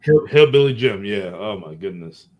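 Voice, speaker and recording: A man's voice: lowish voice, expressive, normal speed. A man hosting a podcast, loosely recapping a wrestling show with a chuckle here and there. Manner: rambling play-by-play recap, chuckling. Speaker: podcast host. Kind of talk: casual podcast chat.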